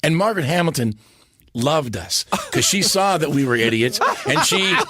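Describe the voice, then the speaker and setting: A man, a podcast guest, telling stories in a lively, animated way and slipping into character voices. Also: a little high, normal speed, a crowd in the background. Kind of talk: casual interview storytelling.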